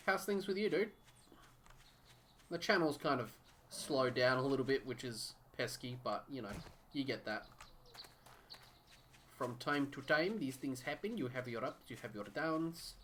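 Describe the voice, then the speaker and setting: A man's voice: mid-range voice, fairly bright tone, a little hiss or hum. A man casually narrating his live gameplay, muttering to himself, swearing and chatting to viewers. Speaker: game streamer.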